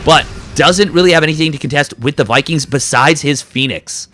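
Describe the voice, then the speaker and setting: A man doing live game commentary as a caster, excitable and breaking into quick bursts during fights. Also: a little high. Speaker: esports caster.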